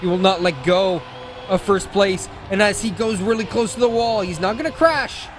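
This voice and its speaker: A man calls a live esports race in a high, eager voice, quick with jokes and quick to correct himself. Engine and game sounds run clearly beneath his commentary. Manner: excitable, jokey, rapid self-corrections. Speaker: esports caster. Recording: game engine and car noise underneath. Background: racing game sounds.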